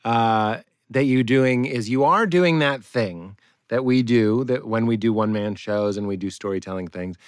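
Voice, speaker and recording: A man, a comedian guest in a casual podcast chat, animated and often laughing. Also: medium pitch, moderate pace, smooth, dry recording, clean studio sound.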